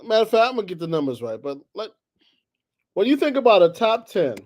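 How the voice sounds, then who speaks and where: Male sports talk host with a high voice, ranting in heated, exasperated bursts. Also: very animated, quick pace. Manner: heated, exasperated, swings between loud outbursts and low muttering. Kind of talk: animated solo sports talk.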